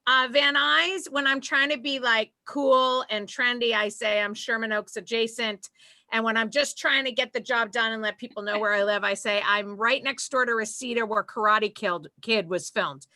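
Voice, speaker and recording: A woman's voice: on the high side, fairly even intonation, moderate pace, pushed and bright. A woman with a Boston accent doing a stand-up set over a video call, brash and self-mocking. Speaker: comedian.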